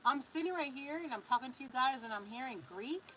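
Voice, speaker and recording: A Californian woman with a slightly high voice gives a live spiritual reading. She talks in a loose, animated way, stretching words and filling gaps with hums and "yes, indeed." A faint hiss sits under the recording. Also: fast talker, rough recording. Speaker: spiritual reader.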